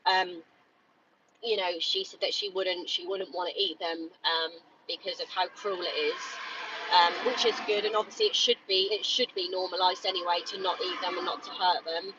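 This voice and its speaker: An angry woman rants and argues at a street protest, stumbling over her words and filling gaps with fillers. She sounds distant from a phone mic, with dull, muffled audio. Loud street noise runs underneath her. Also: lowish voice, steady tone, normal speed. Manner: angry, ranting with many fillers and repeats. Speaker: animal rights protester. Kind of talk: live-streamed street protest vlog. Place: outdoors outside a shop on a street.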